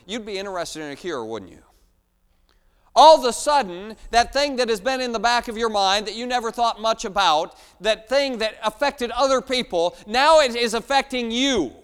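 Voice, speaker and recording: A man preaching a sermon in a church, emphatic, asking rhetorical questions and swinging between loud and hushed. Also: high voice, smooth. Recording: long hall reverb.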